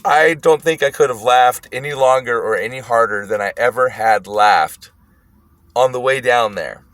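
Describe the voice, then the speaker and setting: A man casually telling a wild story, animated and profane, often breaking into laughter. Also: medium pitch, moderate pace, no room sound.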